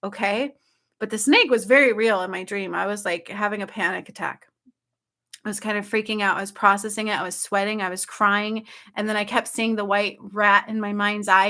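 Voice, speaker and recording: Bright, excitable woman retelling a dream. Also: mid-range voice, brisk. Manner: excited, breathless storytelling with frequent "like" and "okay?". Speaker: spiritual channel host. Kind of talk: casual dream retelling to viewers.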